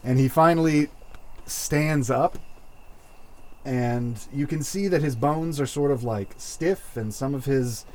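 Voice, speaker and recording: Male game master, slow narration, halting, lots of ums, tabletop storytelling. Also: mid-range voice, a little mellow. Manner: slow, hesitant narration with many fillers.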